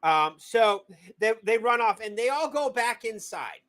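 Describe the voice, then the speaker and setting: A man hosting a casual livestream movie review, rambling, excitable and quick to swear. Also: sits high. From Massachusetts. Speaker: movie review show host.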